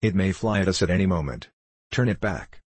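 A man voicing a shrill, pleading older aunt. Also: animated, a little fast, no echo.

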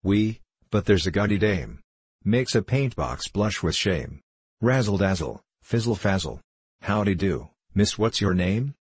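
A man's voice: lowish voice, lively intonation, measured pace, slightly rough, no room sound. A man voicing a cheerful female patchwork rag doll who is merry, boastful and chants sing-song rhymes. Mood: teasing.

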